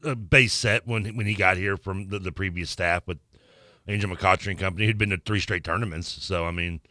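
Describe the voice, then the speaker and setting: A man's voice: sits low, steady tone, brisk, sharp tone, dry recording, studio quality. A man co-hosting a sports radio show, joking and self-mocking in casual banter. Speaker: radio co-host. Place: radio studio.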